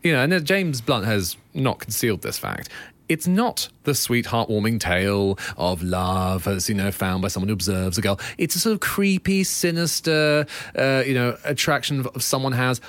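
A man in casual chat, rambling through animated opinions with restarts. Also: mid-range voice, normal speed, no echo. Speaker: guest.

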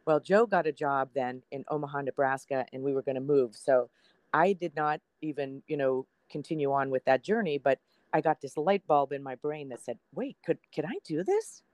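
Guesting on a podcast, a TV meteorologist in her sixties shares a personal story in a chatty way, performing the quoted dialogue. She speaks at a moderate pace in a bass, a little mellow voice, with no room sound.

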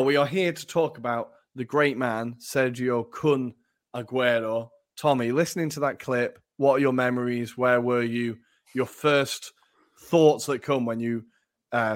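A man co-hosting a football podcast, telling stories in an animated, enthusiastic way. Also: mid-range voice. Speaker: podcast co-host. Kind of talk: casual chat.

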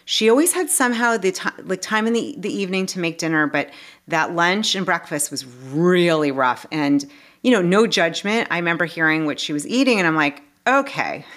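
A woman life coach, appearing as a podcast guest, talks casually in an earnest, heartfelt way. She is animated and full of restarts and asides, speaking briskly in a lowish voice.

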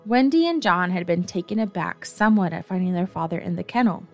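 A woman narrating a classic children's story gently, with a wry touch. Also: lowish voice, animated, brisk, faint music behind. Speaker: audiobook narrator.

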